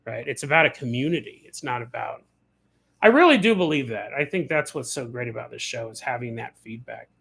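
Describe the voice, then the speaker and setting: A man hosting a casual livestream, telling animated stories, acting out the people he quotes and laughing often. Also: medium pitch, brisk, creaky, husky. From California. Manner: laughs often mid-sentence. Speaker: podcast host.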